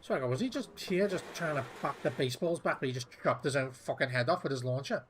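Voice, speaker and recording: A man's voice: mid-range voice, fast, a bit bright, a little hiss or hum. A man giving casual gameplay commentary, muttering to himself in an offhand and profane way. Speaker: gameplay streamer.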